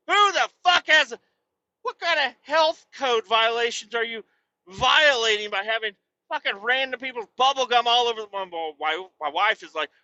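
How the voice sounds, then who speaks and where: A man hosting a podcast, telling a casual, profanity-heavy story and working himself up into shouting tirades. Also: very high-pitched, moderate pace, dry recording, dull audio. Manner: swears constantly, works himself up into shouting tirades. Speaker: podcast host.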